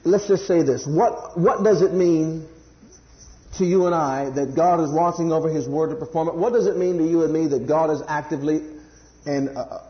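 A man preaching a sermon to a congregation, swinging from loud high emphasis to hushed low scripture quotes and sometimes stumbling over words. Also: brisk, echoey room, muffled recording. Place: church congregation.

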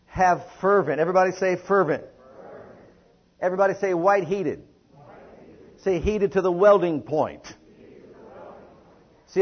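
A high-pitched man speaking a little slowly preaches to a congregation, leading call-and-response and drawing out emphatic phrases. The sermon recording is muffled and lo-fi.

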